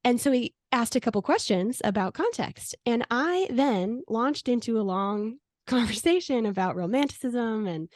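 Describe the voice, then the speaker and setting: A woman's voice: on the high side, lively intonation, moderate pace, hardly any pauses, darkish tone, no echo, studio quality. A woman co-hosting a podcast. She tells stories in a chatty way and laughs often. She studied English. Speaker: podcast co-host. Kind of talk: casual podcast chat.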